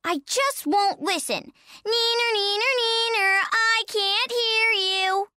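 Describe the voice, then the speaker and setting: A woman's voice: very high-pitched, takes it slowly, pushed and bright, dry recording, clean studio sound, pitched above the performer's own voice, full character voice. A woman voicing a small, playful young pine tree who whines and teases in a sing-song. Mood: whiny. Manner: whiny, teasing sing-song.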